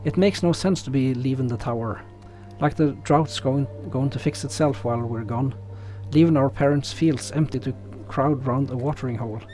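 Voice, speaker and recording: A man's voice: medium pitch, moderate pace, few pauses, dark tone, soft background music, close to an everyday voice. A man reading as a stubborn country fellow. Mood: insistent. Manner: folksy, plain-spoken reading. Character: stubborn rural man arguing to climb.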